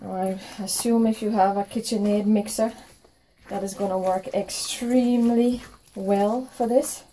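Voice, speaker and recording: Woman teaching a baking recipe, mellow voice. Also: medium pitch, fairly even intonation, a little slow, a little hiss or hum, rough recording. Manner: warm step-by-step instructions with reassuring promises. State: out of breath from kneading. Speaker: home baking cook. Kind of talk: cooking tutorial narration.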